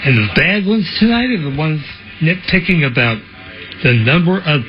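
A man's voice: a little high, big pitch swings, moderate pace. A man voicing a grandiose, boastful female seer, with theatrical mock-mystical delivery over a dull lo-fi line with music behind. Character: grandiose self-proclaimed female seer Zelda.

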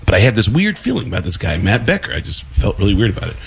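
A man, a comedian guest, telling a comic story on a radio show and building up to shouted punchlines. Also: lowish voice, big pitch swings, rapid-fire, vocal fry, hardly any pauses, husky.

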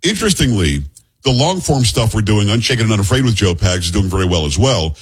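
A man hosts a radio talk show at a rapid clip, his voice a little husky. He rambles from topic to topic and teases his co-host. He talks into a studio microphone. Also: fairly low pitch, sing-song. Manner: jokey, rambling, teasing banter. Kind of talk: casual radio talk and banter.

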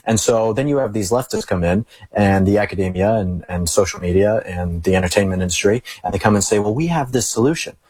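A young man talking as a guest in a casual interview, earnest and repeating phrases for emphasis, with a husky voice. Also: low-pitched, fairly even intonation, brisk, few pauses, darkish tone, no room sound. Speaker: guest, conservative commentator.

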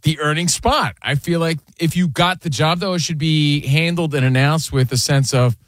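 A man's voice: fairly high pitch, normal speed, dry recording, studio quality. A man co-hosting a sports talk show, ranting and overthinking in casual banter. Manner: animated, ranting, overthinks and acts out quotes. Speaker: co-host of a sports radio show.

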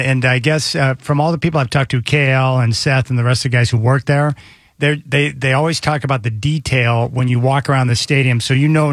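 A male host with a mid-range voice chats eagerly with his guest, quick to agree and cheer him on. His voice is recorded dry and close. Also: medium pitch, dry recording. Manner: enthusiastic, quick affirmations. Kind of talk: casual chat.

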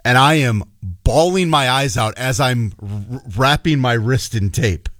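A man in his thirties from the Chicago area, Illinois, co-hosts a radio talk show and tells stories in an earnest, emotional way during casual chat. His voice is medium-pitched and fairly bright, and he speaks unhurriedly. The sound is clean studio quality with no echo.

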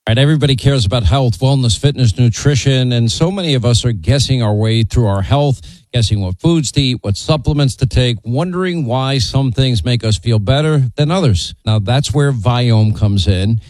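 Man doing a smooth host ad read. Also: medium pitch, moderate pace, darkish tone, no room sound, poor audio. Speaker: host reading an ad.

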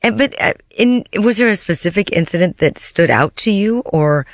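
A woman's voice: mid-range voice, animated, normal speed, no room sound, studio quality. A woman hosting a radio interview, giving brief affirming interjections. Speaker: radio host.

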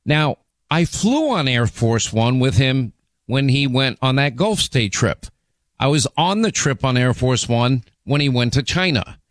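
Talk radio host, man in his sixties, laryngitis-hoarse, emphatic rambling delivery, dry studio sound. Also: mid-range voice, expressive, a little slow, dry recording. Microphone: studio microphone.

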